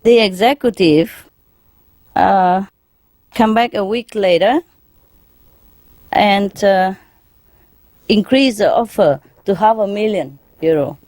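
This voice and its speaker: A woman's voice: medium pitch, slow pace, long pauses, a little mellow, no echo. A woman telling jokes in a lecture, often chuckling and asking the audience questions. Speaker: spiritual teacher lecturing an audience. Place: lecture hall in Paris.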